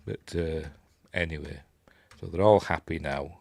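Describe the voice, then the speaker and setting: A man's voice: very deep voice, unhurried, gravelly, a little mellow, no echo. A man with a Yorkshire accent hosting a casual film breakdown, rambling and chuckling as he acts out the characters' lines. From Yorkshire, England. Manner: rambling and chatty, chuckling, acting out quoted lines in raised voices. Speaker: film review host.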